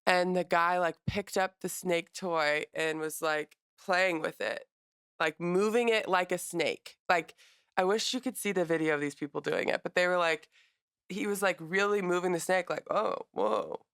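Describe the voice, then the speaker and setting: A young adult woman co-hosting a casual podcast, retelling stories quickly with lots of quoted reactions. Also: lowish voice, fairly bright tone, clear, resonant tone, no echo, studio quality. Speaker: podcast co-host. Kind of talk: casual chat.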